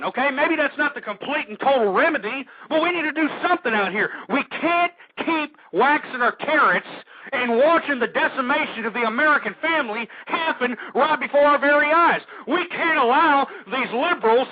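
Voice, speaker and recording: Male radio host, high pitched, agitated ranting monologue, lo-fi radio sound. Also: expressive, moderate pace, no room sound. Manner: ranting, agitated, shouting at times. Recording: dull lo-fi dry radio recording.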